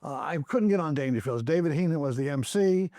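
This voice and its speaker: A man's voice: a little high, brisk, no echo, clean studio sound. A man, a comedy club owner and podcast guest, telling stories and acting out the other people in them. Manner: animated storyteller acting out other people's lines. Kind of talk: anecdotal storytelling on a podcast.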